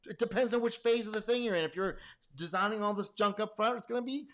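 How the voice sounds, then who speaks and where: A man with a high voice talks fast through a reaction commentary. He rambles and restarts his sentences, stresses his points hard and swears casually, like a teacher venting about work habits. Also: a bit bright. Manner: rambling, emphatic, casually profane. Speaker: host and programming course teacher.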